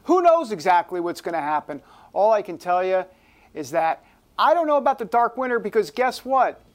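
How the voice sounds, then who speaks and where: A man's voice: sing-song, normal speed. Brief: male TV host doing a playful, theatrical monologue. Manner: theatrical, drops into a low ominous voice for effect. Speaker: talk show host. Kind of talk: casual talk show monologue.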